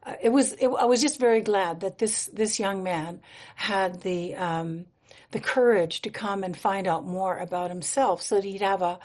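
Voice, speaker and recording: A woman's voice: medium pitch, moderate pace, a little mellow. Singer-songwriter woman from Manitoba, Canada, as a radio guest: mid-range voice, earnest, reflective storytelling with easy laughs. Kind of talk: radio interview conversation.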